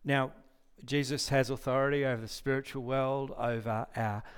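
A man preaching a relaxed sermon at a middle pitch. He reads scripture aloud, asks his listeners questions, and often stops to rephrase or correct himself. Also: moderate pace, clean tone. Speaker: pastor. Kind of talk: conversational sermon with scripture reading.

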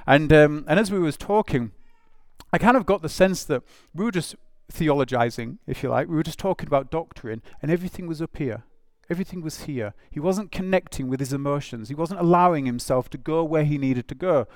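A man delivers a sermon in an easy, conversational way, his voice sitting a little high. He keeps slipping into casual asides and acting out little quoted exchanges. The sound is dry and close, with no room around it. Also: lively intonation, a little fast, no room sound. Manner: informal, with frequent "it's like" asides and acted-out quotes. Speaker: preacher.

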